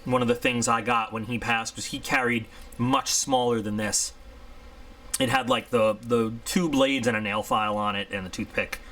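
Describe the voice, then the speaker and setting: A man talks through an unboxing in a loose, conversational way. His voice has a bright, forward edge, and he wanders off topic with easy candor. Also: medium pitch, normal speed. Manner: chatty, rambling, candid. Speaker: product reviewer. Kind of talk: casual unboxing review.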